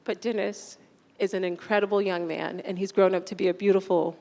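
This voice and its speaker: A woman's voice: medium pitch, fairly even intonation, a little fast, gravelly, darkish tone. A young woman teacher giving an emotional, fond farewell speech to her graduating students, holding back tears and laughing between lines. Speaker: orchestra teacher. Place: large concert hall. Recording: echoey hall reverb.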